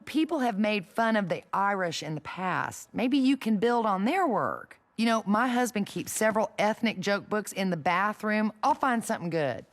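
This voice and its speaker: A woman's voice: mid-range voice, lively intonation, moderate pace, hardly any pauses, natural voice. A woman voicing a mild, earnest friend. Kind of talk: animated sitcom voice acting.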